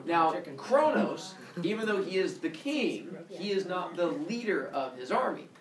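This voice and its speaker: A man teaching a class, telling a story in an animated, goofy way full of sound effects, in a roomy classroom heard from far off. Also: high voice, a little slow, crowd noise.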